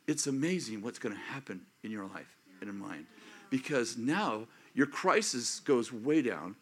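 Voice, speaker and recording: A man of fifty or older preaching a sermon as pastor, acting out prayers and inner thoughts in an animated way. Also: mid-range voice, unhurried, slightly rough. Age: 50s or older.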